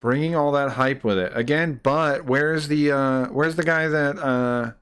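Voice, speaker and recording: Guy ranting on his stream, swears a lot, rambles, pretty smooth voice. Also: a little high, unhurried, fairly bright tone. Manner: indignant, profane, rambling retelling. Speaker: livestreamer.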